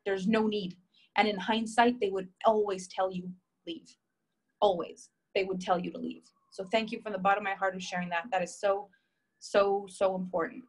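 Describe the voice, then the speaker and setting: A woman's voice: medium pitch, fairly even intonation, moderate pace, low-quality recording. A woman coach speaks in a live session, telling a personal story and answering viewer comments. Her emphatic, heartfelt delivery leans on repetition and conversational fillers. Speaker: relationship coach.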